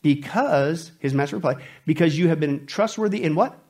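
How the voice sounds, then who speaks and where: A man preaching a sermon, animated and joking, dropping from loud bursts to hushed lines. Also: fairly high pitch, moderate pace. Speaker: pastor.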